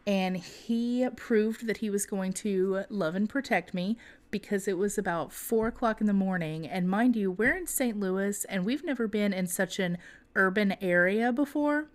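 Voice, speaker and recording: A young woman co-hosting a podcast, telling a story in a casual, animated way with laughter. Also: mid-range voice, normal speed. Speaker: podcast co-host.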